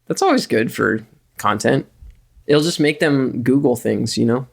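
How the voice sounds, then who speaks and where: A man's voice: medium pitch, a little slow, gravelly. A man co-hosting a board game podcast, chatting casually and teasing playfully. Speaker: podcast co-host. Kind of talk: casual chat.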